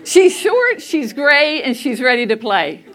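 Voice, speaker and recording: A woman speaks in a high, bright voice. She is middle-aged and tells a family story to a church crowd. She talks animatedly, laughs often and acts out what people said. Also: sing-song, a little slow. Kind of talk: storytelling talk to a church audience.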